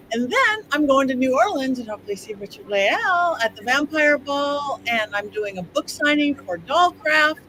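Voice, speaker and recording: An upbeat woman hosting a relaxed panel chat, her voice bright and forward. She runs through plans in a quick, chatty way, with a faint hiss of noise behind her. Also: a little high. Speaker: podcast host.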